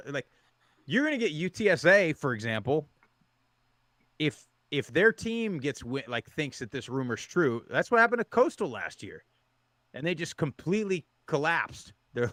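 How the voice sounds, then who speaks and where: Bright-voiced man chatting on a dry mic. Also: medium pitch, no echo. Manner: rambling, halting restarts. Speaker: podcast co-host. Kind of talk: casual chat.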